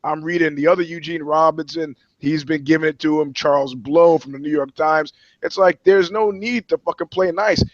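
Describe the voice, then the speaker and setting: Male journalist co-host, blunt and profane, fairly high voice, dull dry recording. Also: steady tone, moderate pace, hardly any pauses, dry recording. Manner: blunt, swearing, storytelling. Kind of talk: profane podcast chat.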